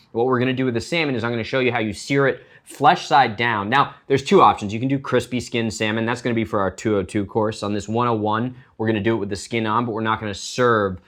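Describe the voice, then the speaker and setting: Lower-voiced guy chatting thru a cooking demo, explains everything, goofy asides. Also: a bit bright. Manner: chatty, explains as he cooks, jokey tangents. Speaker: chef and cooking show host. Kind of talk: casual cooking demonstration.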